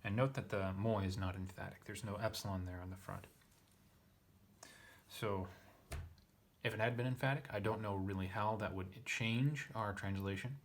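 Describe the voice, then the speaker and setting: Working through a text line by line in a casual lesson, a Greek teacher speaks at normal speed in a lowish, steady voice, full of fillers and self-corrections as he thinks aloud. There's a little hiss or hum in the background.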